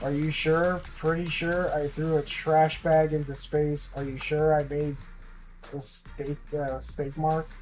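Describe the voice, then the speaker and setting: Excitable swearing male game streamer. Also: fairly high pitch, slow pace, faint music behind. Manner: swings between grumbling and excited cheering, swears often. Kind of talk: live-streamed gaming chat.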